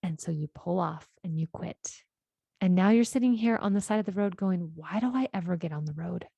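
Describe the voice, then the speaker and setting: A woman's voice: fairly low pitch, brisk, creaky, slightly rough, dry recording, lo-fi sound. A middle-aged woman hosting a podcast as a life coach, telling a client's story in an earnest way and acting out the quoted lines. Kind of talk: solo podcast monologue.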